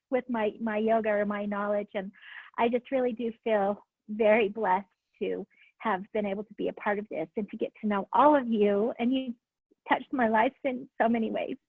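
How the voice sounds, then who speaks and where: A woman's voice: fairly high pitch, dry recording, narrow, tinny audio. Tearful woman on a thin video call. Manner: tearful and heartfelt. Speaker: yoga graduate. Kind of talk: emotional farewell speech.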